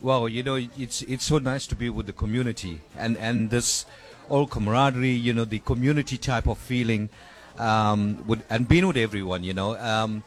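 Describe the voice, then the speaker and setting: A man's voice: medium pitch, normal speed. A man gives a casual radio interview answer in a mid-range voice. He rambles through his thoughts and leans on "you know" as filler. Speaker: guest.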